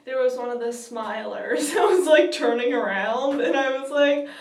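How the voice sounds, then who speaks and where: A woman's voice: high voice, moderate pace. A young woman vlogger telling a story in a giggly, gushing way, full of fillers. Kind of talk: excited casual storytelling. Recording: roomy, distant from the mic.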